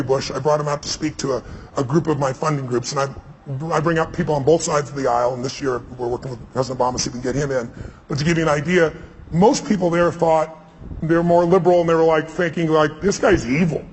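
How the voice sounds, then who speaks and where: A man telling stories on stage to a live audience in an animated, emphatic way, sometimes repeating words. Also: on the high side. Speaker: guest speaker on stage. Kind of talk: energetic on-stage storytelling. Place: large hall with live audience. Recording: reverberant hall, faint ambient noise.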